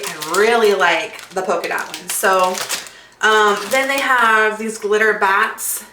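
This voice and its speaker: A woman's voice: on the high side, bright, forceful tone, slight background noise. A woman hosting a casual craft tutorial, chatty and bubbly, with lots of fillers and asides. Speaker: craft video host. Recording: echoey room, mic at a distance.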